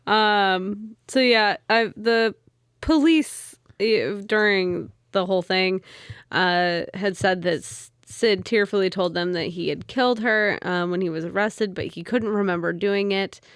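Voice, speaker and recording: A woman co-hosting a podcast, telling a story at a mid pitch and a relaxed pace with plenty of ums between facts. The sound is dry and close to the mic, with no room at all. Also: a little slow, clear, resonant tone, dry recording. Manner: narrates from notes with many ums, laughs easily. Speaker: podcast co-host. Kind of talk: casual chat, storytelling.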